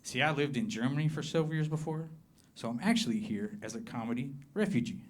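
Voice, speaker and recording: A man from southern Appalachia with a Southern American accent, performing a stand-up comedy set and slowing his punchlines down to a deadpan. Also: medium pitch, background noise. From southern Appalachia, USA. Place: comedy club with live audience.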